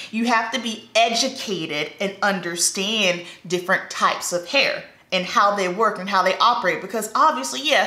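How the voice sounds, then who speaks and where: A woman chatting animatedly as she does her makeup, telling salon stories and acting out what people said. Her voice is bright and forward. The room is echoey and she sounds hollow. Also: medium pitch. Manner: chatty, animated, acts out dialogue. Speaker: hairstylist and makeup artist. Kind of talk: casual get-ready-with-me storytelling. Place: indoors at home, doing makeup.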